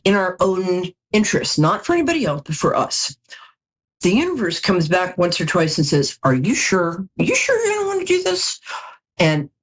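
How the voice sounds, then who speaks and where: Woman tarot reader, middle-aged, lowish husky voice, animated call-in host. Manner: chatty and animated, jokey storytelling asides. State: tired from lack of sleep. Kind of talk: live call-in show tarot reading.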